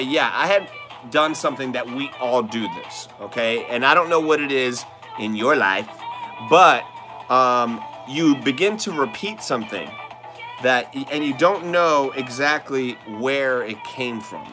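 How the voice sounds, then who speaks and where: A man co-hosting a casual live show with his wife, chatty and upbeat, greeting viewers by name. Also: mid-range voice. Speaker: co-host of a couple's live show. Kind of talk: casual live-stream chat.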